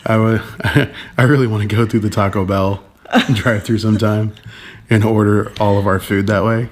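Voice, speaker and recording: A young man with a voice rough from allergies, chatting in a casual vlog with dry, self-mocking banter. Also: on the low side, steady tone, normal speed. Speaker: vlog co-host. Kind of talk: casual chat.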